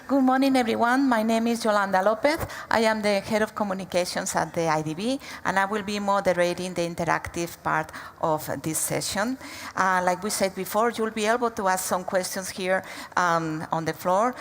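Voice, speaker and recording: A woman's voice: medium pitch, slight background noise. A woman, head of communications, politely moderating a forum and making announcements. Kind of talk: formal event moderation.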